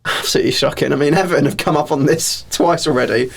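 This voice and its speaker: Guy, creaky voice, casual football podcast co-host, rambling and easygoing. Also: a little high, quick pace.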